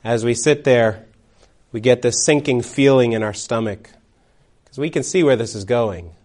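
A man preaching a sermon, telling a courtroom story dramatically, swinging between loud and hushed. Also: medium pitch, normal speed.

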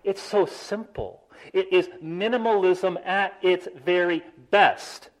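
A man preaching a sermon, animated, stressing key words and slowing down for emphasis. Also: high-pitched, rough recording. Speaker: pastor.

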